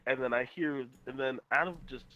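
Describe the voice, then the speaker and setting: A young man with a bright, forceful voice rambles through a gaming story on a casual podcast. He swears freely, restarts his sentences and piles on fillers. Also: medium pitch, moderate pace, highs cut off. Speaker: podcast co-host. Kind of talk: casual chat.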